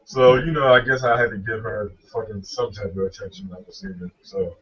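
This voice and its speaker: A man co-hosting a talk show, delivering a profane comic rant full of swearing and quick mimicry of others. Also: lowish voice, a bit bright, husky. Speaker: podcast co-host. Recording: dull lo-fi audio.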